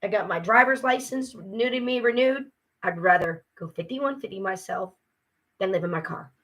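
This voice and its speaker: A worn-out female vlogger rants casually to camera, frustrated and swearing as she vents. Her voice is medium-pitched, a bit bright and at a normal pace.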